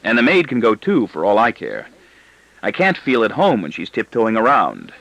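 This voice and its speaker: A man's voice: on the low side, huge pitch swings, moderate pace, gravelly, a bit bright, dry recording, low-quality recording. A man narrating an audiobook in the first person, with a wry, ironic delivery.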